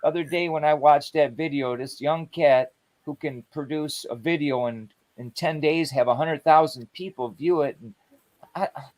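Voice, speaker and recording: A man chatting on a livestream, telling animated stories in a loose, slangy way. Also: a little high, moderate pace. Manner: animated storytelling, conversational slang. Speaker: guest on a livestream. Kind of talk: casual chat.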